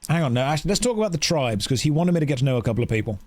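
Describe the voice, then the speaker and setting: Rapid-fire and fairly high-pitched, an English man's voice comes through with no room sound. He's livestreaming gameplay, giving laid-back commentary while ranting animatedly and acting out both sides of exchanges.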